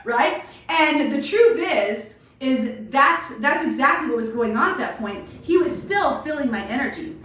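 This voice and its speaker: High-voiced chatty woman in echoey room. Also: unhurried. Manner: chatty, animated, addresses viewers as "you guys". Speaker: host of a daily live video. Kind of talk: casual motivational talk. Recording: very echoey room, voice far from mic.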